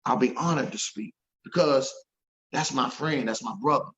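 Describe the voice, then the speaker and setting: A man's voice: medium pitch, normal speed, a bit bright, low-quality recording. A man telling an emotional story as an interview guest, earnest and repeating himself when moved.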